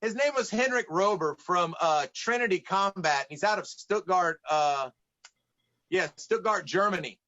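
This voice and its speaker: A high, bright man's voice from Atlanta, spinning casual stories as a podcast guest. He acts out the people in his tales as he goes. The audio is a little dull and muffled. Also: unhurried. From United States, Atlanta. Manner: lively anecdotes, acts out quoted dialogue. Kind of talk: casual storytelling in conversation.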